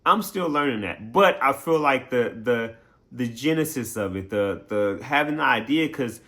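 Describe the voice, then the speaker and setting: A man's voice: medium pitch, animated, normal speed, pushed and bright. A man streamer talking casually to his viewers in a playful, chatty way, laughing often. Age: adult. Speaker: game streamer. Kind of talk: casual recap talk to viewers.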